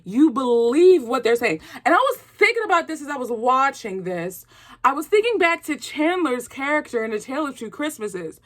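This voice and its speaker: A woman hosting a movie review vlog, chatty and excitable, using casual slang and getting loud when she is excited. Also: high-pitched, a little fast.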